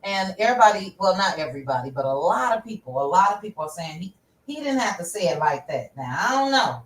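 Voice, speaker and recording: A woman's voice: lowish voice, big pitch swings, fast, echoey room, far from the mic, a little hiss or hum, poor audio. A woman hosting a casual livestream, chatting directly with her viewers about pop culture news. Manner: chatty, talks straight to viewers. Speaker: host.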